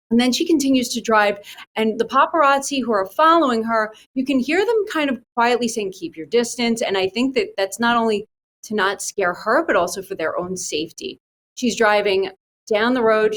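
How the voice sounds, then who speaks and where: A woman investigative reporter on a news panel, talking conversationally with fillers and stressing the danger. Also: fairly high pitch.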